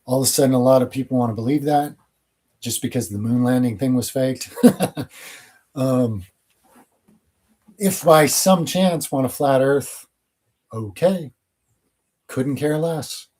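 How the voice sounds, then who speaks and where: A man talks through viewer questions on his own channel in a loose, rambling way. He is blunt and opinionated, and his voice has a soft, mellow warmth in a middling register. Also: mid-range voice, unhurried, long pauses. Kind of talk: casual Q&A monologue.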